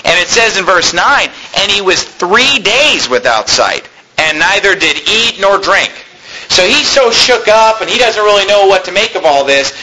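Male pastor, sermon delivery, high-pitched and bright, scripture readings woven into plain explanations. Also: animated, moderate pace, a little hiss or hum, rough recording.

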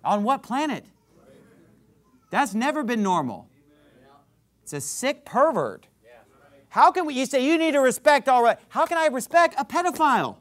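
A man delivers a heated sermon from the pulpit in a high voice. His pitch leaps and plunges as he drives his points home, and he often rises to a shout. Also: big pitch swings, normal speed, pauses often. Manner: impassioned, rising to shouts; says he is worked up. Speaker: pastor. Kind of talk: fiery sermon.

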